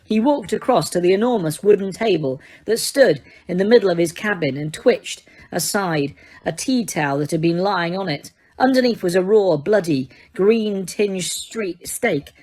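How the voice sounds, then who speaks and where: A woman's voice: on the low side, moderate pace. Woman reading a storybook aloud. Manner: steady, with small slips. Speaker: audiobook reader. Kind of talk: storybook narration.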